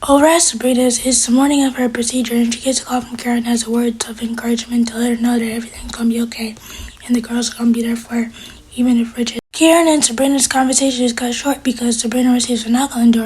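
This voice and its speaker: Woman, TV recap host. Quick, very breathy delivery; keeps it flat, quotes every character. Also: on the high side, low-quality recording. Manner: retells scenes by quoting each character with "she's like"; adds blunt personal asides to the characters. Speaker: TV episode reviewer. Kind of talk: casual episode recap.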